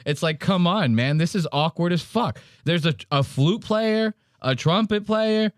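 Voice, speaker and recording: A man's voice: sits high, animated, measured pace, dry recording, clean studio sound. Profane man riffing on a clip. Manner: profane, mimics people in the clip. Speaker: podcast host. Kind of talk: casual reaction commentary.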